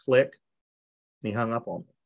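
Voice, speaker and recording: A man's voice: medium pitch, normal speed, creaky, highs cut off. Guy on a video call telling his recovery story, folksy, does the voices of folks he quotes. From West Virginia. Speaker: recovery meeting speaker. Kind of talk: personal testimony.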